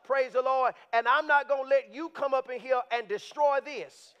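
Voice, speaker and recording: Male preacher, very high voice, animated conversational delivery that rises to shouts, dull lo-fi church recording. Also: moderate pace, smooth. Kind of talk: sermon. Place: church sanctuary. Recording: dull, lo-fi sound.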